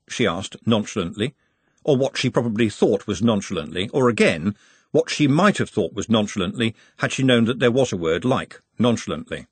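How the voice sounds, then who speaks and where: Husky man reading an audiobook. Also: fairly low pitch, a little fast, dry recording. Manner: wry, expressive storytelling. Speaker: narrator. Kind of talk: audiobook narration.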